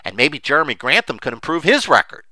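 A man's voice: on the high side, very animated, fast, sharp tone, no echo. A middle-aged man giving an unscripted, emphatic monologue on investing, rambling with many fillers. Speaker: investing commentator.

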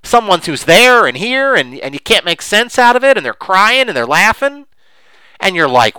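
Impassioned man with a lively voice. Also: high-pitched, moderate pace, clean tone, dry recording, rough recording. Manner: impassioned, emphatic, with many restarts. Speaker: podcast host. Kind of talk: opinionated podcast talk.

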